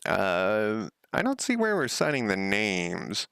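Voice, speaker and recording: A man's voice: fairly low pitch, wildly swooping pitch, measured pace, gravelly, fairly bright tone, clear, resonant tone, no room sound, clean studio sound. A man streaming himself working on a game at home, thinking aloud in a casual, rambling way and often correcting himself. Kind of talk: casual live-coding commentary.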